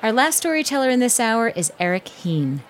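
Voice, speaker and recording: A woman hosting a radio storytelling show, reading scripted narration in a calm, measured way. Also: a little high, soft background music.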